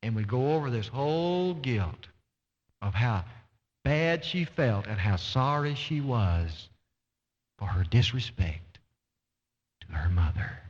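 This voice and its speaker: A male pastor preaching a sermon with impassioned, dramatic delivery, stretching key words slowly for emphasis. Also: mid-range voice, expressive. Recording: dull lo-fi recording in a reverberant church hall.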